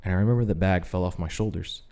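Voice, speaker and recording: A man's voice: sits low, fast, mellow. A man sharing his personal faith testimony on a podcast, telling it as an earnest story. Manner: earnest storyteller, acts out quoted voices. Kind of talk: personal testimony, casual chat.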